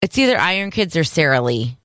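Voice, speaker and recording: A woman co-hosting a casual podcast, chatty and quick to laugh. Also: deep voice, big pitch swings, a bit bright, no echo, clean studio sound. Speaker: podcast co-host. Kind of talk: casual chat.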